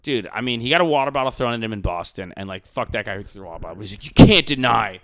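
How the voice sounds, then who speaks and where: Animated, profane man ranting on a podcast. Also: lowish voice, rapid-fire, dry recording. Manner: animated, profane, mocking impressions. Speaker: podcast host. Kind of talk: casual podcast rant.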